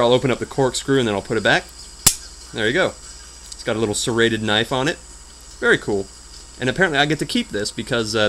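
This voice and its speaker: A man's voice: mid-range voice, a bit bright, a little hiss or hum. A young man rambling through casual, self-mocking commentary while he plays a game. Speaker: let's play host.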